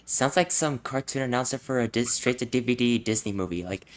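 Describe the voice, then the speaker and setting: Male co-host, mid pitch, upbeat announcer-style delivery. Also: a little fast, slight background noise. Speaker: panel co-host. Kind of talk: casual panel chat.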